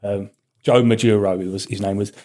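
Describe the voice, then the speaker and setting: A man, a podcast co-host and army veteran swapping relaxed anecdotes. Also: lowish voice, a little fast. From United Kingdom. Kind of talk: casual chat.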